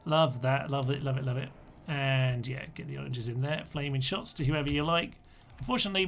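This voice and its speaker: Streaming a strategy game, this man talks casually to viewers and murmurs orders to his units. His medium-pitched voice is a bit bright, and a little hiss or hum runs under the recording.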